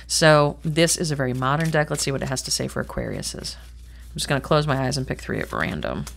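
A woman's voice: very deep voice, expressive, brisk, gravelly, slight background noise. A middle-aged woman giving a chatty tarot reading to camera, rambling and thinking aloud, swearing casually and speaking bluntly. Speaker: tarot reader.

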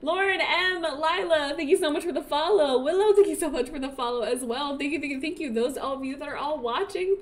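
A woman's voice: high voice, fast talker, hardly any pauses, slight background noise. A young woman live-streaming a life-sim game, chatting casually and gushing over the game while thanking her chat. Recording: loud game music behind. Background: game music.

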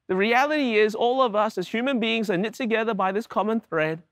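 Male preacher, high and bright, builds sermons on repeated rhetorical questions. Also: fairly quick, few pauses, dry recording, clean studio sound. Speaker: pastor.

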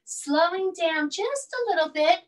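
Slow, soothing high-voiced woman yoga teacher. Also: expressive, far from the mic, low-quality recording. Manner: soothing, slow and coaxing, with playful animal sounds. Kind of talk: gentle bedtime yoga instruction.

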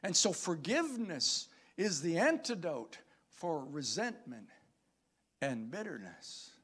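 A pastor preaches a sermon in a slow, sing-song voice on the high side, fairly bright in tone and slightly rough. He reads scripture aloud with dramatic emphasis and calls out to the congregation.

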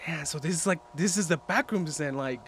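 Reaction host, man, excitable, bursts of exclamation, slightly higher voice, faint room hum. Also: fairly quick. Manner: excitable, exclaims and says "dude" a lot. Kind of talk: reaction commentary. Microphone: headphones on while reacting.

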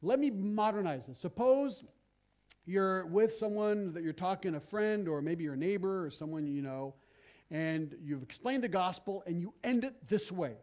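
High-voiced animated preaching man. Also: normal speed. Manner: animated, acts out confrontations with sudden loud bursts and quiet asides. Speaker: guest preacher, missionary. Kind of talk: sermon. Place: church.

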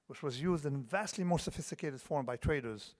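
A man's voice: fairly high pitch, fairly quick, darkish tone. A man in his fifties giving a conference lecture, digressive, full of restarts and asides that check in with the audience. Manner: digressive, restarts often, asks the audience "okay?". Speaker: keynote speaker. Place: large conference hall. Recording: long hall reverb.

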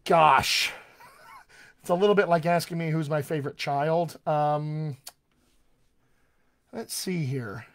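A man's voice: on the high side, slow pace, pauses often, a bit bright. An American man working as a dialect coach, answering viewer questions in a live online session and demonstrating sounds as he explains. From United States.

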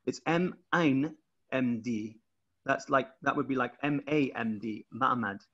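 A man's voice: mid-range voice, measured pace, fairly bright tone, slightly rough, dull audio. A man presenting his research over a video call, explaining step by step with frequent restarts.

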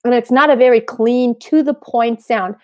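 A woman vocal coach answering viewer questions in a relaxed, explanatory way, breaking into short sung examples. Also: fairly high pitch, moderate pace. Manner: explanatory, demonstrates with sung snippets.

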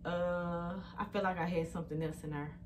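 A woman's voice: lowish voice, flat delivery, brisk, a little hiss or hum. A woman vlogging at home in a casual, chatty way, talking straight to her viewers on a phone camera.

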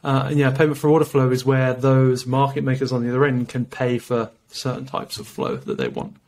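A man with a British accent explaining trading in a measured, casual way, with many fillers. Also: mid-range voice, animated, darkish tone. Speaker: podcast guest explaining trading.

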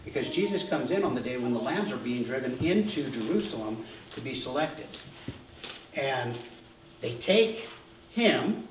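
A man preaching a sermon as pastor, telling the story with animated asides and acted-out voices. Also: medium pitch, measured pace, echoey room, recorded from a distance, background noise. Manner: animated storytelling, acts out voices of crowds and leaders. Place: church.

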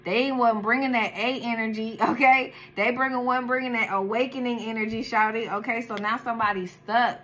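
Reading tarot casually, this mother speaks a little high with fairly even intonation, going fairly quick with few pauses. Her tone is fairly bright, her talk blunt and packed with slang and swearing, and there's slight background noise.

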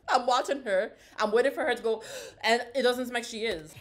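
A woman reaction vlogger in casual, playful commentary, excitable and quick to laugh and whoop. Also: fairly high pitch. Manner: chatty and playful.

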